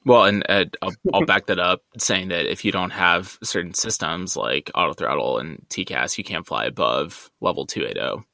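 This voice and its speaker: Bright-voiced man telling jokes. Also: sits low, normal speed, creaky, few pauses, no room sound. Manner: tells jokes with voiced characters, laughs. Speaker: podcast co-host, pilot. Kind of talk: casual chat and joke telling.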